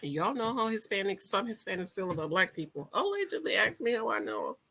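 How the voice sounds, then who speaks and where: A woman casually recapping a reality TV episode, chatty and emphatic, talking straight to her viewers and breaking into excited outcries. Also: medium pitch, a little fast. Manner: bursts into excited loud outcries. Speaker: TV show recap host.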